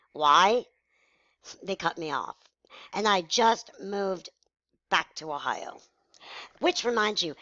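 Woman in her forties, bright tense voice, frank emotional vlog, dull dry recording. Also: medium pitch, no room sound. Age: 40s. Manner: frank, emotional, blunt venting. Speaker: vlogger. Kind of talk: candid personal story to camera.

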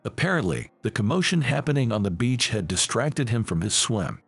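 Male narrator for scripted story, gravelly, husky, lively pitch. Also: a little fast, soft background music.

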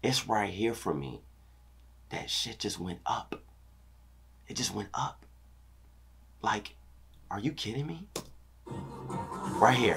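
A young man reacts to a dance routine, counting beats and scatting the rhythms as he goes. His voice sits on the low side and turns loud and excitable. Faint music plays underneath. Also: slow pace, gravelly, pauses often. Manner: hyped, counts beats and scats rhythms aloud. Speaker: dance teacher reacting to choreography.

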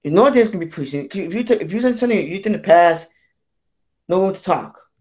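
A man vlogging a rambling, profane rant, halting and repetitive, with frequent restarts and stammers. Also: sits high, expressive, a little mellow. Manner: profane, repetitive, keeps saying "you know what I'm saying". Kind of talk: rambling ranting monologue.

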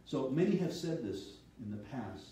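A man's voice: medium pitch, very animated, normal speed, mellow, distant mic, a little hiss or hum. A man preaching a sermon as a pastor, teaching steadily and reading scripture aloud. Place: church sanctuary. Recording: echoey hall, voice from off-mic.

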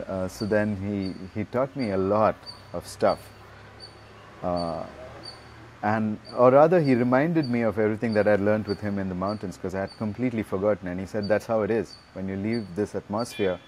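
A man telling a personal story in a casual, animated way. He laughs often and acts out the quotes. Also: fairly low pitch, slight background noise. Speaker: yoga teacher and guest.

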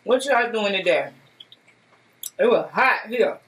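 Upbeat woman hosting a mukbang, chatty, talks right to the viewers, middle pitch. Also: expressive, slow, a bit bright, rough recording. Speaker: mukbang host. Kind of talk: casual chat while eating.

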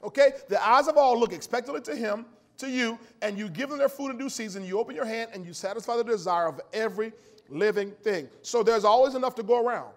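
A pastor preaching a sermon in church, folksy and lively, swinging from loud emphasis to low storytelling and laughing often. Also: male voice, fast. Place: church sanctuary.

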